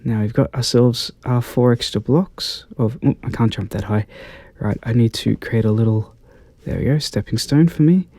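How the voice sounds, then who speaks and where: A man in his thirties with an Australian accent, giving gentle, polite ASMR gameplay commentary on a close mic. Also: medium pitch, moderate pace, no room sound. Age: 30s. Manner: gentle, polite and mild, easily delighted. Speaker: gaming channel host.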